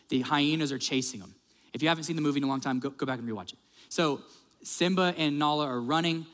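A male pastor preaching a sermon, telling stories in a lively way and acting out the quotes. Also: on the high side, big-room sound. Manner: animated storyteller, acts out quotes.

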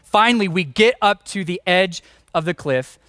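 A man's voice: sits high, expressive, moderate pace, fairly bright tone, clean tone, no echo, clean studio sound. A man in his forties, a pastor preaching a sermon, telling a story with self-mocking humor and strong emphasis.

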